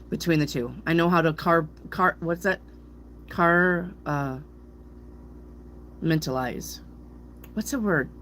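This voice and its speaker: Slow-talking playful middle-aged woman. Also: sits low, a little hiss or hum. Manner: playful, stumbles and laughs over hard words. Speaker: tarot reader. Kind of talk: casual rambling chat to viewers.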